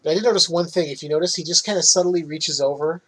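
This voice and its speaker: A man hosting a podcast talks fast through a casual movie recap, swearing a lot and laughing at his own jokes. His voice is a little high and somewhat bright, and the recording quality is low.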